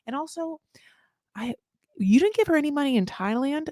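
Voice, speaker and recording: A woman's voice: high voice, expressive, normal speed, warm tone, no room sound, clean studio sound. A woman hosting a casual reality TV recap. She talks in a sarcastic, rambling way, swears freely and says "like" a lot. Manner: sarcastic, rambling, profane, lots of "like". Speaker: host of a reality TV recap channel. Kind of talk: casual live recap commentary.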